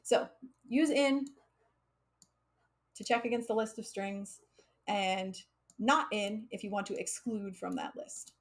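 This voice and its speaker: A woman's voice: mid-range voice, fairly even intonation, slow, pauses often. An American woman teaching coding on a live stream, chatty and laughing often, with frequent fillers. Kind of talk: casual live coding lesson.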